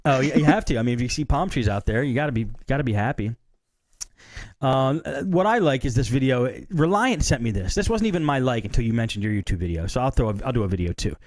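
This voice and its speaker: A man's voice: medium pitch, animated, darkish tone, no echo. Laid back guy cohosting a tech show, chatty, mid voice, dry close sound. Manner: easygoing, chatty, quick asides. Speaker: co-host. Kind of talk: casual tech talk chat.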